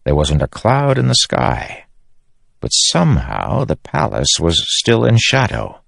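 Male audiobook narrator, very low voice, dry studio read. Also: huge pitch swings, unhurried, vocal fry, fairly bright tone, no room sound. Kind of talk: scripted narration.

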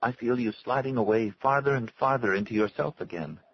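A man's voice: on the low side, expressive, a little fast, breathy edge, muffled recording, pitched above the performer's own voice. A man voicing an anxious, tender young woman who worries about her lover.

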